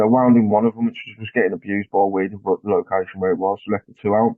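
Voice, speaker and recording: A man guest on a podcast, telling a story in casual chat, animated and swearing, acting out what people said. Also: fairly low pitch, fast, dry recording. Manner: animated, swears, acts out dialogue. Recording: dry tinny phone-like line.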